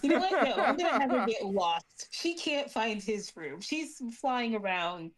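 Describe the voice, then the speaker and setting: A woman's voice: fairly high pitch, sing-song, a little slow, crowd noise. A woman narrating her character in a casual tabletop game, playful. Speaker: player. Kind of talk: casual role-play narration.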